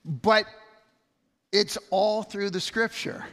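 A middle-aged pastor with a high-sitting, fairly bright voice preaches slowly and steadily in a church sanctuary. His style is conversational, full of repeated words and stories, and long hall reverb fills the recording.

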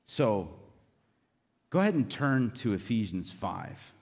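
A man's voice: fairly low pitch, sing-song, takes it slowly, a little mellow. Man preaching in a reverberant hall. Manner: earnest, conversational preaching with asides. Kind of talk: sermon.

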